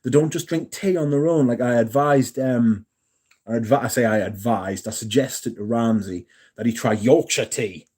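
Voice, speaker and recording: A man's voice: mid-range voice, normal speed, a little mellow, husky. A young man hosting a casual live stream, chatting in a jokey way and reading out messages from the chat. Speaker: livestream host.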